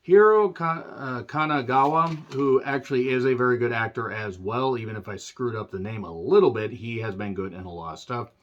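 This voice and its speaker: A man ranting through a movie recap, sarcastic and profane, often clearing his throat. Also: mid-range voice, a little fast, hardly any pauses, a bit bright, highs cut off. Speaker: movie reviewer.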